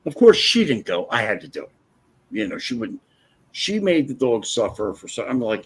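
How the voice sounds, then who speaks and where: A husky-voiced man hosting a casual livestream, telling a story bluntly and with plenty of swearing. His pitch swings widely as he gets animated, and his tone stays loose and conversational. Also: normal speed. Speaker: livestream host.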